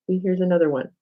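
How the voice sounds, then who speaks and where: A middle-aged woman with a somewhat low, slightly mellow voice hosts an informal crafting livestream from her home craft table, and the audio is poor. While she works, she chats with viewers by name and thinks out loud to herself.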